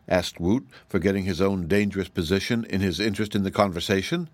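Deep-voiced man reading a story. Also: brisk, few pauses, no echo. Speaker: narrator.

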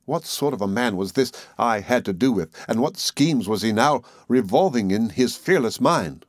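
A male audiobook reader narrating a classic novel in a measured, even delivery. His voice sits at a middling pitch, and the recording is close and dry, with no room sound. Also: no room sound. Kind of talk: scripted narration.

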